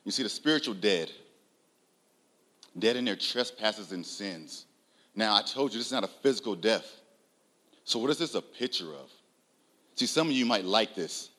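A man delivering a sermon in a bright, ringing voice. He swings between loud, raised declarations and quiet, low asides, and keeps asking his listeners questions. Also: lively intonation, normal speed, long pauses. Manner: emphatic, rising loud on key lines, drops low and soft; uses rhetorical questions and audience address. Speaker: preacher.

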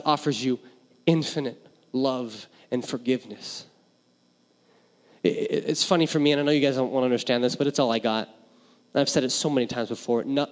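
A man's voice: mid-range voice, fairly bright tone. A young man preaching a sermon as a pastor, earnest and candid, stumbling over restarts and building to emphatic passages. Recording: long hall reverb.

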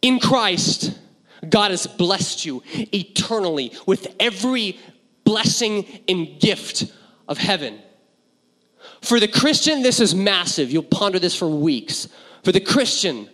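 A man delivers a sermon in a fairly high voice, shifting between playful asides and hushed, earnest passages. His voice carries a long reverb from a large hall. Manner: animated and joking, dropping to hushed intensity. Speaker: pastor.

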